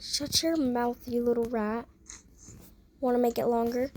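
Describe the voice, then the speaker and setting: A young performer voicing a strict, snappish mother in a toy-game role-play, scolding her daughters in sharp, drawn-out words. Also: mid-range voice, fairly even intonation, a little hiss or hum, natural voice. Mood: stern.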